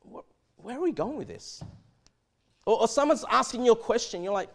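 Man, high voice, swooping lively pitch, preaching sermon, repeats words. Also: normal speed, gravelly, pauses often. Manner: animated, repeats and restarts words. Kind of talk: expository sermon.

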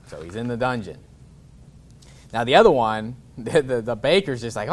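A man preaching a sermon in a relaxed, informal way, chuckling often and breaking off to restart his sentences. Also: medium pitch, a little hiss or hum. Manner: reads scripture in a slower, formal cadence. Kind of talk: sermon with scripture reading.

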